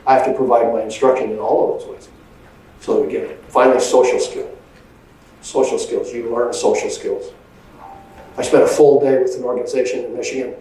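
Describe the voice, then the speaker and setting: A man's voice: mid-range voice, darkish tone, very echoey, far from the mic, low-quality recording. A man giving a motivational leadership presentation, with an emphatic, conversational delivery that often checks in with "right?". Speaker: leadership speaker.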